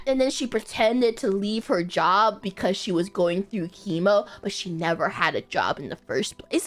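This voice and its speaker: A woman streamer telling a story in casual chat, animated, swearing a lot and laughing in disbelief. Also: mid-range voice, moderate pace, hardly any pauses.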